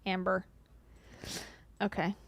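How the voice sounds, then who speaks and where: A woman's voice: medium pitch, little pitch movement, slow, vocal fry, dry recording, highs cut off. A woman hosting a comedic commentary video who reacts to clips with playful, sarcastic asides. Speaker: commentary host.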